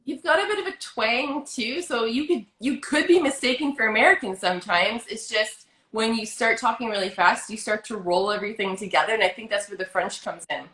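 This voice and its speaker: A Canadian woman with a Canadian accent hosts a casual chat. She talks fast and keeps saying yeah. Her voice is bright, and it echoes around the room. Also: fairly high pitch. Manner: fast-talking, affirming with frequent yeahs. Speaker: host.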